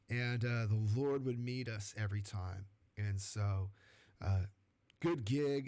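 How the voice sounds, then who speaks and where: A middle-aged man from California hosting a podcast, giving an energetic, colloquial motivational faith talk that keeps asking "right?". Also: medium pitch. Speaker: podcast host.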